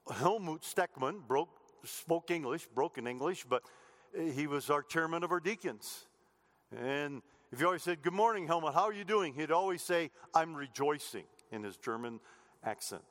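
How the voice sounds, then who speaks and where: A man's voice: on the high side, fairly bright tone. Earnest preacher man in a reverberant church. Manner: earnest preaching with repeated phrases and restarts. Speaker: pastor. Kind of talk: sermon. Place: church sanctuary. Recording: long hall reverb.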